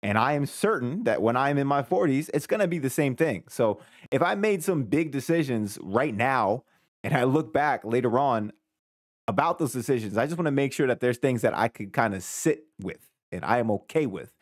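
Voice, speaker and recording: A man's voice: medium pitch, lively intonation, moderate pace, no echo, clean studio sound. A man in his thirties hosting a live reaction stream, thinking aloud in a casual, conversational way. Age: 30s.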